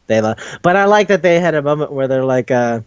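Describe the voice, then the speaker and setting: A podcast host with a fairly high, smooth voice casually recaps a cartoon episode, animated and fairly quick. He swears, laughs, and jumps into the characters' voices. The audio is lo-fi with no room sound.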